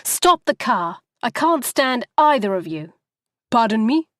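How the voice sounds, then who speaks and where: A woman voicing a furious young wife arguing in a taxi, her lines high and shrill. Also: expressive, no room sound, studio quality. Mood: screaming. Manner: shrill, raging, rapid outbursts.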